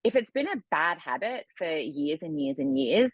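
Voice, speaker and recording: A woman with a low, husky voice talks candidly in a relaxed podcast chat. Her delivery is dry and close, with no room sound around her. She often slips into lively quoted voices to make her point. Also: normal speed, dry recording, highs cut off. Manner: candid, animated when acting out quotes. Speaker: guest, food coach. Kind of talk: casual conversation.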